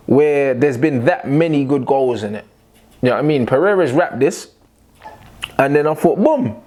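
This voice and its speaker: Give me a man doing a heated, slang-filled football rant in a slightly high voice. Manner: animated slang-heavy ranting, swearing, "bruv" fillers. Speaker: football fan channel host. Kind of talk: fan match reaction rant.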